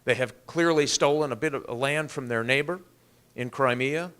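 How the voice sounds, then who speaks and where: A man's voice: mid-range voice, normal speed, fairly bright tone, clean tone. A man, a congressman, giving a political speech with earnest storytelling and emphatic rises.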